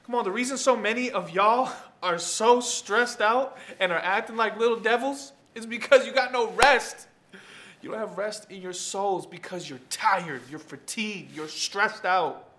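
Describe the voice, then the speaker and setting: A male pastor giving an emphatic sermon, dropping low for quiet points and rising into loud calls to the congregation. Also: unhurried. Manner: emphatic preaching, swings from soft asides to loud calls; talks straight to the congregation.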